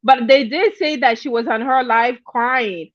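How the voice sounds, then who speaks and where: High-voiced woman chatting on a livestream. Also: measured pace, dry recording, muffled recording. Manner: chatty, laughs often, greets viewers by name. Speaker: livestream host. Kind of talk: casual livestream gossip chat.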